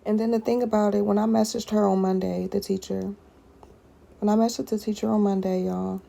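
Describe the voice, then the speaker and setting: A woman's voice: medium pitch, flat delivery, a little fast, vocal fry, dark tone. A woman speaking straight to her viewers in a personal video blog, often addressing them directly and repeating short phrases.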